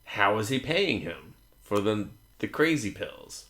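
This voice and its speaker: A man's voice: on the low side, very animated, measured pace, sharp tone. A man co-hosting a casual comedic movie review chat, profane and jokey, acting out characters in exaggerated voices. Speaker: podcast co-host.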